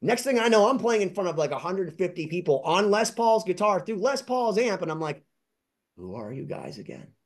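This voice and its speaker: A man telling excited, rambling anecdotes as an interview guest and collector, acting out other people's lines in high voices. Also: fairly quick, hardly any pauses. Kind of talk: casual storytelling.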